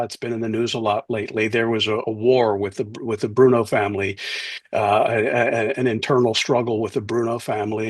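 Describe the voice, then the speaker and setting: Husky wry man telling stories. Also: mid-range voice, no room sound. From New Jersey, USA. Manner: anecdotal, wry, acts out quoted voices. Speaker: author and guest. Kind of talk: interview storytelling.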